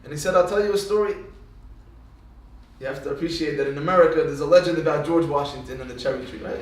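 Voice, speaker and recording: High-voiced man telling jokey stories. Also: quick pace. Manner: jokey storyteller acting out dialogue. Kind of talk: storytelling Torah talk. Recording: echoey room, voice from far off.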